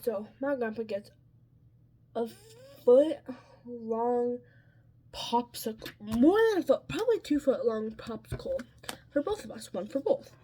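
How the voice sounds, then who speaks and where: A woman's voice: a little high, lively intonation, a little slow, pauses often, mellow, husky. A woman vlogger telling a story in a casual chat while getting ready, full of "like" and "um" and sounding exasperated. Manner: chatty, peppered with "like" and "um".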